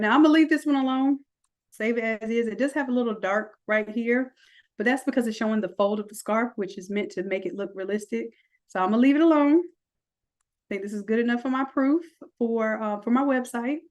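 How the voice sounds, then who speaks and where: A woman walking through a software design tutorial, chatty, with folksy asides. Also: medium pitch. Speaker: design instructor. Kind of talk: screen-recorded software tutorial.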